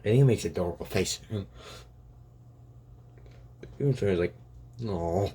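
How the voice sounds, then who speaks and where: A man's voice: fairly low pitch, lively intonation, moderate pace, dark tone, husky. A young man improvising a rambling fan story aloud, full of restarts and "and he's like" asides. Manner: rambling, many restarts and "and it's like".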